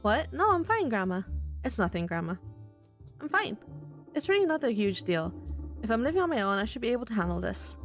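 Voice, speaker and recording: A woman's voice: a little high, big pitch swings, fairly quick, pauses often, faint music behind. A woman voicing an earnest, worried young man in a visual novel. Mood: upset. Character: earnest, anxious young man in his twenties.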